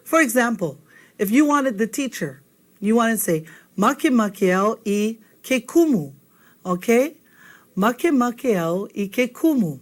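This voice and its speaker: A woman's voice: a little high, animated, a little slow. A woman teaching a video language lesson, patient and checking in with listeners often. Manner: patient, checks in with frequent "okay?".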